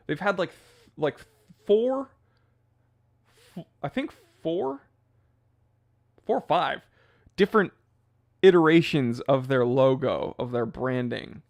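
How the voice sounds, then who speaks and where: An American man hosting a casual livestream about watches, reading chat aloud and riffing, with a chatty and animated manner. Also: mid-range voice, a little slow. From United States. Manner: chatty and animated, jumps into goofy impressions of people. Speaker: watch channel host reading live chat.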